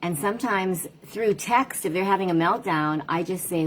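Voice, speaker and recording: Middle-aged woman parent coach, casual reflective livestream chat, lowish voice. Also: moderate pace, a little hiss or hum. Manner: reflective, conversational, tells stories about her daughters.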